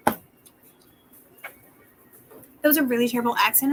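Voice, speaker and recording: A young woman vlogging casually as she plans her monthly goals, chatting and slipping into soft whispered asides while she writes. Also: sits high, fairly even intonation, moderate pace, long pauses, poor audio. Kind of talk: casual planning vlog.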